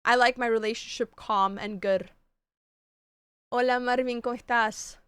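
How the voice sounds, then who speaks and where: A woman's voice: on the high side, fairly even intonation, moderate pace, a bit bright, clear, resonant tone, no room sound. A woman streamer chatting casually with her chat, gushing about books and shows and swearing freely. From Canada.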